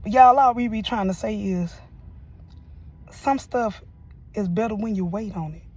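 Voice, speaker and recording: A woman's voice: medium pitch, measured pace, a little mellow, husky. A woman reviewing a show in casual, sermon-like talk, emotional and full of church phrases. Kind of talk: casual preachy commentary.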